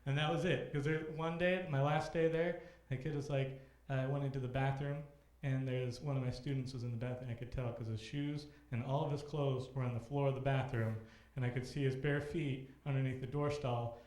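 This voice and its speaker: A man's voice: medium pitch, flat delivery, brisk, darkish tone. A young man hosting a live comedy show, telling a rambling, self-deprecating story between acts and acting out kids' voices on a handheld mic. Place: comedy club stage, live audience. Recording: roomy club echo.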